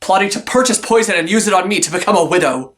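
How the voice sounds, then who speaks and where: An actor playing Orazio, an overwrought young lover who wails and laments in a stage comedy. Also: male voice, high-pitched, animated, fast talker, loud music behind the voice. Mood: outraged. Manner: wailing, overwrought.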